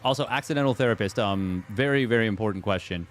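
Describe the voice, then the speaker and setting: Quick-paced and lowish in pitch, a male esports caster rambles through live commentary of a strategy game tournament. He keeps up with chat, answering viewers amid frequent fillers and restarts.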